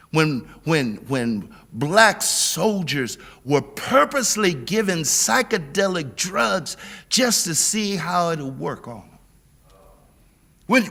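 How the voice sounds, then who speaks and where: A middle-aged man giving a sermon as guest preacher, with a preaching cadence, repeated words and a build to shouting. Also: fairly high pitch. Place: church sanctuary. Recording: long church reverb.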